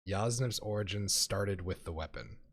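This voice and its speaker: A man's voice: lowish voice, normal speed. A man in a casual group chat, talking eagerly about the character he plays in a tabletop game.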